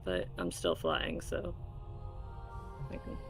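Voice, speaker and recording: Gravelly-voiced tabletop player. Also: sits low, big pitch swings, slow, music in the background. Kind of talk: casual tabletop play.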